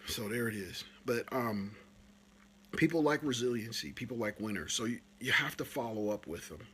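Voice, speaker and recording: A man hosting a live stream, coaching photographers in a casual, animated talk that climbs higher when he retells stories. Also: moderate pace, a little hiss or hum.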